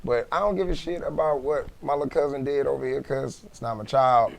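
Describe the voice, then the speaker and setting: Gravelly guy hosting a chill talk show, slangy and swears a lot, tells it animated. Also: medium pitch, brisk. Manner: slangy, profane, animated storytelling. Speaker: podcast host. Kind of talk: casual chat.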